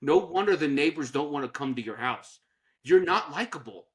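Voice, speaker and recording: A man with a notably high voice hosts a sports talk podcast. He rants with sarcasm and slips into mocking voices to make his point. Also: expressive, moderate pace, a bit bright. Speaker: podcast co-host. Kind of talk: opinionated sports podcast rant.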